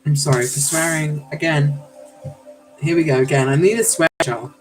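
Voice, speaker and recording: A woman's voice: low-pitched, fairly even intonation, normal speed, music in the background, rough recording. A woman hosting a live tarot reading, exclaiming, swearing and apologizing, and calling her viewers darlings. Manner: affectionate, calls listeners darlings. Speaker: tarot reader.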